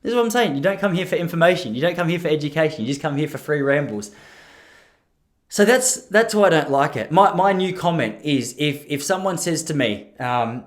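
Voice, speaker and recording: A man's voice: a little high, expressive, a little fast. A man, rambling and joking about himself as a podcast host. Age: 30s. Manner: self-deprecating, rambling with restarts and laughs. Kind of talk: solo rambling podcast monologue.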